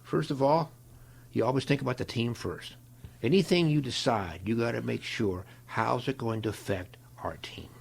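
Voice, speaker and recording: An older man, a guest in an interview, telling stories in a folksy, animated way, with a gravelly, husky voice. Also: mid-range voice, normal speed. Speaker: interview guest, longtime equipment manager. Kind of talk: storytelling in a conversation.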